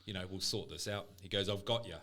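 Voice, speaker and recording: A man's voice: sits low, quick pace, pushed and bright. A man on a casual podcast, rambling and swearing as he tells an emotional personal story. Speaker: podcast co-host.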